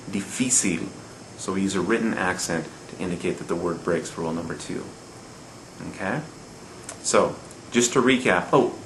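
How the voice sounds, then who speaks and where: A man's voice: low-pitched, fairly bright tone, reverberant, slight background noise, rough recording. A man teaching a lesson on Spanish word stress, patiently repeating each rule and often checking in with his listeners. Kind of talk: recorded classroom lesson.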